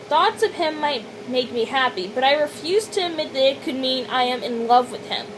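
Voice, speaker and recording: A young woman reading her own fanfiction aloud in an animated, dramatic first-person voice. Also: high-pitched, normal speed, noisy background. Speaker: fanfiction reader.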